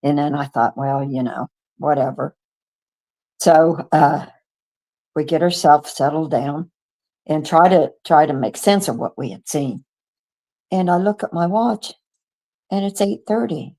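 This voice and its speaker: An older woman in her seventies from the United States, a guest on a radio show, telling her own story with lively acted-out dialogue, stumbling and restarting as she goes. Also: low voice, measured pace, pauses often. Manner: animated storyteller who acts out quoted dialogue, with stumbles and restarts. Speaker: guest witness. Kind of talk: first-person storytelling. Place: radio studio.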